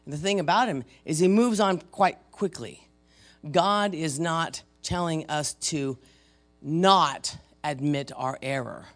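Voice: mid-range voice, takes it slowly, faint music behind. A preacher giving a sermon and retelling a story, talking casually and asking the audience questions. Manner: conversational, asks the audience questions.

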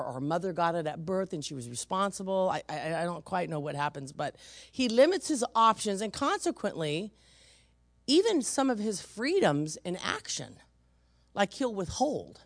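A woman's voice: medium pitch, creaky, no room sound, studio quality. A middle-aged woman from San Francisco preaching a sermon, telling personal stories and acting out the voices she quotes with emphasis.

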